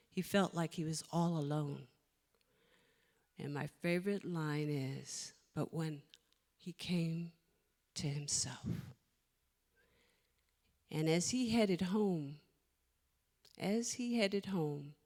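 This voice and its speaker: A woman minister giving a sermon, telling a story with emotion and dropping to soft whispers at times. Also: low-pitched. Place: church sanctuary. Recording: long hall reverb.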